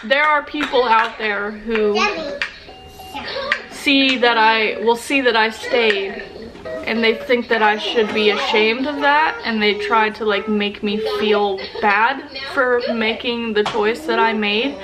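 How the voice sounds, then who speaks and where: A woman's voice: fairly high pitch, fairly even intonation, takes it slowly, music in the background, rough recording. A young woman vlogger talking earnestly and emotionally to camera, often restarting her sentences. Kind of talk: casual sit-down talk to camera.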